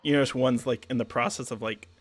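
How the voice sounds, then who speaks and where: A man's voice: medium pitch, fairly even intonation, quick pace, dry recording, studio quality. A man running a tabletop game as game master, rambling through descriptions with fillers and jokey asides.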